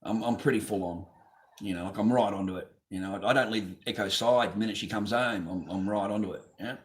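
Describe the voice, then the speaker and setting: A man's voice: lowish voice, fast. A man hosting a live stream from his garage on a phone camera, talking casually in a blunt, profane, ranting way. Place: home garage.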